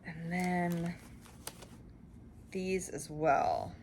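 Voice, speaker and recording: Speaking extremely slowly in a low, slightly mellow voice, this young woman from Canada chats about her cross-stitch shopping haul, gushing with plenty of fillers and laughter. A little hiss or hum sits under the recording.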